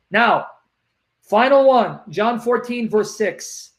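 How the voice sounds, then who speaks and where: A man debating religion, reading verses aloud slowly and repeating references with emphasis. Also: sits high. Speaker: Christian apologist.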